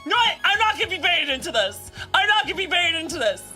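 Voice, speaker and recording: A high, bright-toned woman chats with her live-stream audience, her pitch leaping up and down as she bursts into playful, exasperated shouts. Her delivery is excitable and lively. Soft music plays faintly behind her. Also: quick pace. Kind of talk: casual live-stream chat with viewers.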